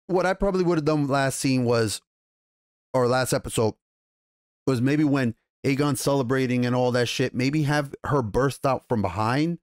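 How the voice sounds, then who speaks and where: A man with a New York accent giving a casual, profane TV episode recap and review, animated and rambling, acting out the characters' lines as he goes. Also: mid-range voice, no room sound, studio quality. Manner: animated, profane, loose retelling with acted quotes. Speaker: TV show reviewer.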